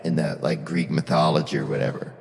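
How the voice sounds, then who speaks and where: A man's voice: rumbling low, fairly even intonation, fairly quick, vocal fry, big-room sound. A man hosting a podcast, telling a rambling story in casual chat and swearing freely. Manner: rambling, drawling storyteller who swears a lot. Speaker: podcast host.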